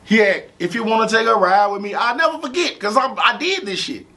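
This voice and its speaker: Gravelly, animated St. man. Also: high-pitched, fairly quick. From St. Louis, USA. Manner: animated, profane, repeats "you know what I'm saying". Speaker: rapper interview guest. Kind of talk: casual storytelling interview.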